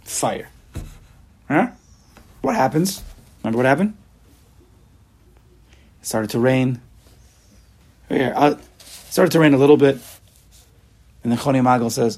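A man teaching a Talmud and Chassidus class, chanting the texts and explaining them in an animated way. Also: medium pitch, measured pace, long pauses. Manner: animated, sing-song reading of Hebrew and Aramaic text. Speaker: Torah teacher.

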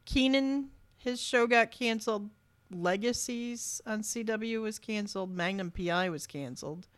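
A woman's voice: mid-range voice, unhurried, no room sound. Easygoing woman co-host chatting. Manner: easygoing, reads out lists with hesitant fillers. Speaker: podcast co-host. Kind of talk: casual chat.

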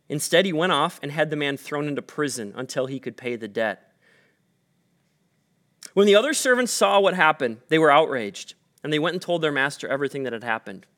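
Animated high-voiced man preaching casually. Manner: casual, conversational preaching with many fillers. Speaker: pastor. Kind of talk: sermon. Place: church.

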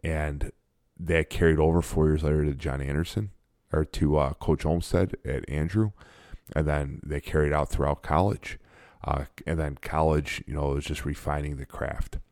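A man's voice: very deep voice, little pitch movement, moderate pace, a little mellow, no room sound, studio quality. A man in his forties, a guest in a casual interview, talking in a blunt and emphatic way. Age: 40s. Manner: blunt and emphatic, self-described sarcastic.

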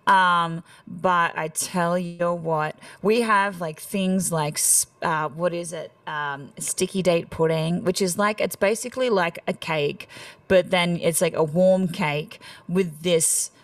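A woman's voice: fairly low pitch, fairly even intonation, slow pace, dry recording, distant mic. A young woman from rural Australia with a thick Australian accent, a country musician chatting as an interview guest and laughing often. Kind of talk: casual interview chat.

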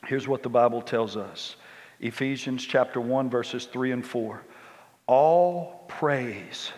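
Passionate male preacher, animated, long church echo. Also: measured pace. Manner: emphatic, animated, climbs high when worked up. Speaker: guest preacher. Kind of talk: sermon.

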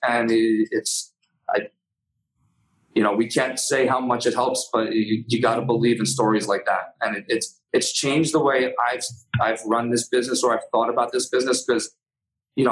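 A man on a podcast, earnestly telling a personal story with frequent restarts and pauses. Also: mid-range voice, rough recording. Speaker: podcast guest, cannabis brand owner.

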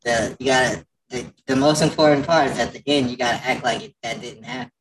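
A man's voice: mid-range voice, steady tone, a little fast, far from the mic, rough recording. A man hosting a casual podcast, joking and teasing, often restarting his sentences. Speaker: podcast host.

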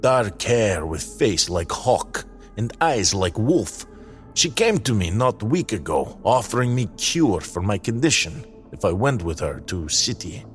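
A man voicing a sad, weary old male wanderer who speaks haltingly and drops small words. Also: on the low side, very animated, faint music behind, pitched above the performer's own voice. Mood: sorrowful. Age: older.

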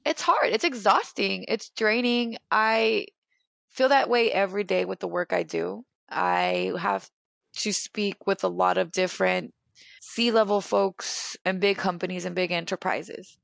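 Young woman with gravelly vocal fry. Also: medium pitch, a little slow, no room sound. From California. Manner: animated and emphatic, heavy use of "like". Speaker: guest. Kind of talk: candid personal conversation.

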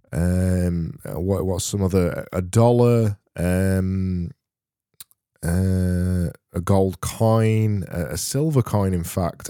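Dry rambling man, low voice. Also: dark tone, smooth, no echo. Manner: dry, rambling, self-mocking. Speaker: podcast host. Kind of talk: comedic podcast monologue reading listener messages.

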